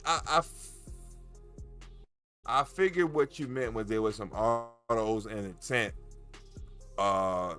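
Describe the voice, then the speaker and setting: A man's voice: medium pitch, steady tone, slow, long pauses, fairly bright tone, faint music behind. A man hosting a casual livestream, chatting in a jokey, rambling way with many restarts. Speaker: cannabis grow livestream host.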